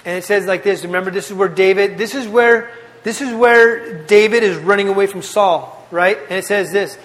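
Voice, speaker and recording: A man delivers a youth sermon in an earnest, conversational way, looping back on his phrases for emphasis. His voice sits high. The sound carries a long reverb from a large hall. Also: normal speed, a bit bright. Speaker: youth pastor.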